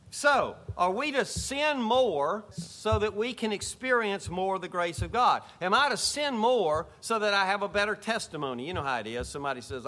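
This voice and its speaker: Male pastor, sermon delivery, high bright tone, swings between loud emphasis and soft asides. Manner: emphatic preaching, rising to exclamations then dropping to low asides.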